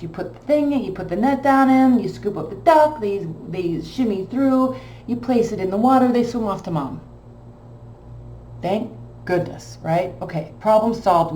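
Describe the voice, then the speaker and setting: A woman telling a long personal story in a casual, emotional, rambling way. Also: medium pitch. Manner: animated, emotional, rambling anecdote. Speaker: tarot reader. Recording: echoey room with faint background hum.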